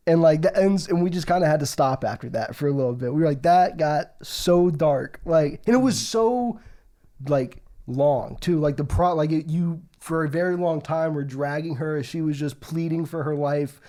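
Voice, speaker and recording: A young man in casual podcast chat, his voice a little higher than most men's but soft and mellow. He rambles, stacks fillers and swears freely as he tells a long story. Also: moderate pace. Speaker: podcast co-host.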